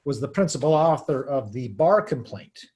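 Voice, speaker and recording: A man's voice: mid-range voice, big pitch swings, normal speed, a little mellow. A man giving a talk on a video call, wry and casual with dry asides. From Arizona.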